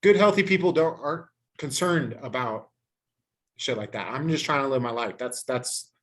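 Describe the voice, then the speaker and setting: Man, podcast host, casual profane rant, mid-pitched voice, animated and emphatic. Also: normal speed. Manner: heavily profane, ranting and animated. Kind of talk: casual chat.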